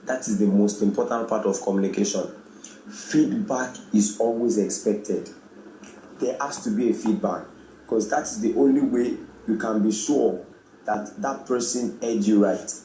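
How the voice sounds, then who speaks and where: A man gives a radio talk, explaining ideas and acting out little greetings to make his point. His voice is mellow and rounded. The room echoes, with a faint hum of noise behind him. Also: unhurried. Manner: animated, acts out quoted greetings with rising pitch. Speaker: radio presenter. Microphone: studio microphone.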